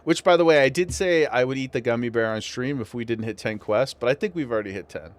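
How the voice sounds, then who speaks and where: A man's voice: mid-range voice, fast. A man streaming a game, chatting casually and laughing as he talks to his viewers. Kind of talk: casual livestream chat.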